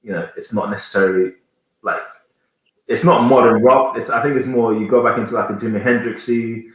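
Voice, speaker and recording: A Jamaican band singer in his thirties chats casually as a guest in an interview, rambling as he searches for words. He speaks fairly quickly at a medium pitch in a steady tone, and the room is very echoey.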